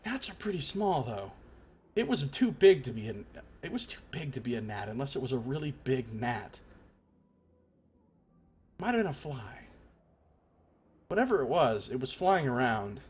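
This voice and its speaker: A man's voice: mid-range voice, big pitch swings, normal speed, long pauses, slightly rough. A man streaming a game from his apartment, giving sarcastic, profane commentary as he riffs aloud. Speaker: let's play streamer.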